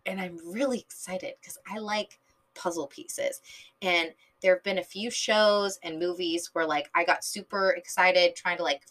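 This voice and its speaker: A woman's voice: on the low side, a little slow, a bit bright, rough recording. A tired woman hosting a casual fan podcast, rambling late at night with lots of fillers. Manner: rambling, filler-heavy, enthusiastic fan talk. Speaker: podcast host reviewing a TV episode. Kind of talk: casual chat.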